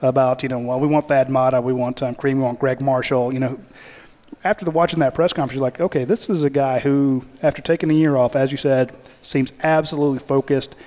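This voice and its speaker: A man hosting a sports talk show, chatty and animated. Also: medium pitch, quick pace, in a large hall.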